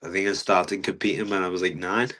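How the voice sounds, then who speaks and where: A young man, a fighter talking earnestly in a casual interview, halting often with fillers. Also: low voice, flat delivery, sharp tone. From England. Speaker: guest fighter.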